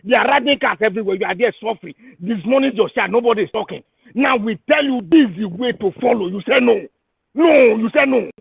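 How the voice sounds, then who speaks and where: A man's voice: high voice, lively intonation, quick pace, vocal fry, breathy edge, no room sound. Furious Nigerian man on a tinny phone line. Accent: Nigerian English. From Igbo region of Nigeria. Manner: furious, shouting, repeats insults. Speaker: caller. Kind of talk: angry call-in rant.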